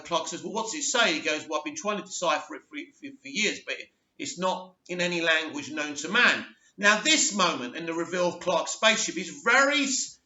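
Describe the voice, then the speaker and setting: Bright-voiced man recapping a show. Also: fairly high pitch. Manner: retells scenes, quoting lines with fillers and restarts. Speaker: TV reviewer. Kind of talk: casual spoken episode recap. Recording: echoey room, dull lo-fi sound.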